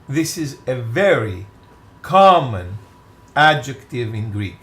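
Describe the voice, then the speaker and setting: Male teacher, very slow and deliberate, lively pitch, pronunciation drills. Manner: slow, carefully enunciated, repeats words for the listener to echo. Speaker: Greek teacher.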